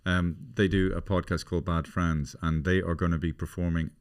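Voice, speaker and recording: A man's voice: sits low, level tone, brisk. A middle-aged Irish man hosting a podcast, chatting casually and rambling through comic stories. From Ireland. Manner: rambling, slips into put-on voices for anecdotes. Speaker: podcast host. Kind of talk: casual comedic chat.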